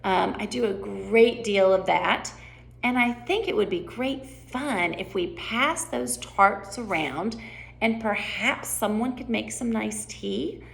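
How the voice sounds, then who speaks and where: A woman voicing young Alice, a polite, dreamy girl, in a gentle storybook reading. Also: medium pitch, takes it slowly, creaky, exaggerated voice.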